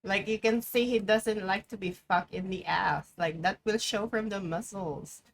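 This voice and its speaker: A woman streaming live, reacting to a video in casual, profane commentary with sudden loud outbursts and chanted repeats. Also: medium pitch, unhurried, gravelly, a little hiss or hum.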